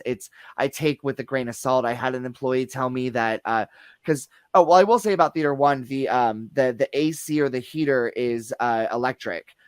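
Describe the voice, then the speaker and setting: A man's voice: medium pitch, smooth, no room sound. A man, a guest who works at the theater, telling ghost experiences in a casual chat, full of restarts and fillers. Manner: rambling, many restarts and fillers. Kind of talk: casual paranormal discussion.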